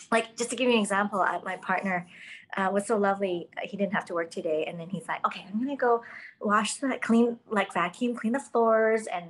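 A woman's voice: medium pitch, low-quality recording. Earnest woman podcast host. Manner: earnest, self-reflective, frequent fillers. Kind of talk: casual conversation.

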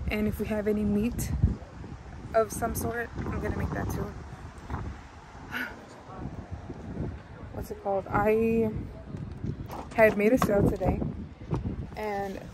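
A young woman vlogging from her car, talking casually and swearing freely as she vents about her day. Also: mid-range voice. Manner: venting, swears freely, exasperated. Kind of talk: casual vlog talk. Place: inside a car. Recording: car noise behind the voice. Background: car and road noise.

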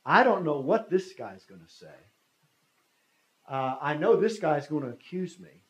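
A man's voice: on the high side, sing-song, unhurried, roomy sound, low-quality recording. Man in his fifties telling a story. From United States. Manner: conversational, acts out dialogue. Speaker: guest speaker. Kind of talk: storytelling talk.

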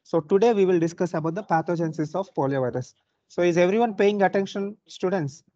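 Indian-accented male lecturer, mellow dull audio. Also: high-pitched, fast, no echo. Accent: Indian English. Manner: explanatory, frequent "uh" and "so", checks on students. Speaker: university lecturer. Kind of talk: online lecture.

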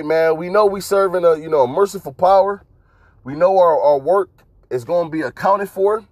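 A man preaching casually to his brothers while driving, exhorting them with many fillers and a repeated "man", and reading scripture aloud in slow phrases. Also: on the high side, darkish tone. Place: inside a car.

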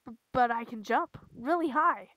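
A woman's voice: on the high side, lively intonation, moderate pace, fairly bright tone, no echo. A woman voicing a timid, stammering teenage boy hero in a fan comic dub, speaking eagerly.

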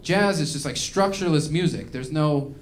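Ranting stand-up guy, slightly high voice. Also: normal speed, noisy background. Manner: ranting, profane, rambling. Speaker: stand-up comedian. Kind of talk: live stand-up set. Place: small live comedy venue.

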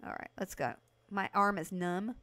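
A woman's voice: medium pitch, normal speed. Chatty woman streaming a game. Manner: chatty, talks to chat by name, excited bursts. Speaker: livestream host playing a video game. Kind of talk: casual live game commentary.

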